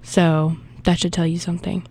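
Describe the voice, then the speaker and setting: A woman's voice: fairly low pitch, level tone, normal speed, a little mellow, husky. A young woman from the American South with a Southern accent, chatting casually and rambling between songs as a radio DJ. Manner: rambling, chatty, self-deprecating.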